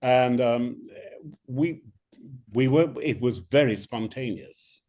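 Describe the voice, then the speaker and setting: Older guy telling showbiz stories in an interview, lively and halting, mid-pitch voice. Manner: animated storyteller, many restarts. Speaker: actor guest. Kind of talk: interview anecdotes.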